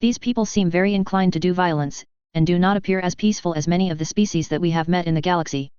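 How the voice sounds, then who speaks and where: A narrator voicing a calm, patient female alien matron who speaks in a measured, formal way. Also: medium pitch, clear, resonant tone, no room sound, dull audio, lightly acted. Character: calm older female Asari matron diplomat.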